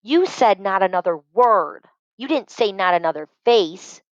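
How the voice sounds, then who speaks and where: A bratty young girl whines and protests in a high, squeaky storybook voice, put on by a woman reading aloud. She sounds petulant and sneering. The recording is dry and a little muffled. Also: lively intonation, measured pace, no echo, lightly acted. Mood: whiny. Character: bratty whining young girl, taunting older sister.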